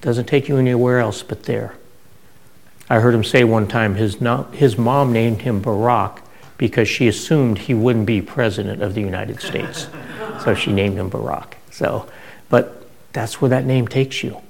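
A man's voice: medium pitch, unhurried, gravelly, a little mellow, poor audio. A middle-aged man preaching a sermon, telling stories in a conversational way with frequent restarts. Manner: conversational storytelling with many restarts.

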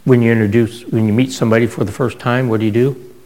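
Speaking fast in a level, mid-range, darkish voice, a middle-aged preacher tells stories in a chatty sermon, often backing up to restart his phrasing. The recording is low quality.

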